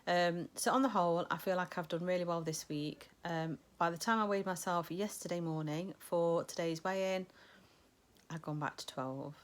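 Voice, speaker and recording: A woman's voice: fairly low pitch, normal speed. A middle-aged woman chatting casually in a weight-loss vlog, rambling with many ums. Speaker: vlogger.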